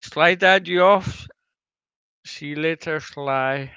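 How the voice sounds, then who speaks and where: A man's voice: a little high, takes it slowly, bright, forceful tone, smooth, no echo, muffled recording. A man with a Scottish accent, co-hosting a casual livestream and teasing the host. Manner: teasing, jokey.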